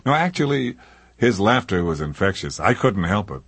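Older male narrator, deadpan comic reader, deep and husky, dry studio sound. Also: moderate pace, dry recording.

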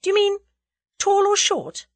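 A woman voicing a proud, frank young woman who answers in a brisk, snappish way. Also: extremely high pitch, sing-song, dry recording, voice pushed up, heavily acted. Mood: spirited.

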